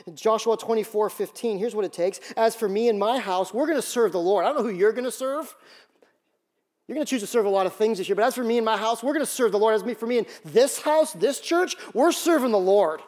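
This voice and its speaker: A man pastor preaching a sermon, animated and storytelling, acting out quoted voices. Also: high-pitched, fast.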